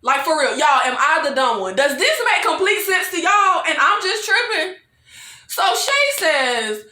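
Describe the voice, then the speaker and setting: A woman's voice: high voice, big pitch swings, unhurried, bright, forceful tone, echoey room. A woman vlogger recapping a TV episode in a casual, exasperated rant, calling her viewers "y'all", swearing and laughing between lines. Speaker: TV review vlogger.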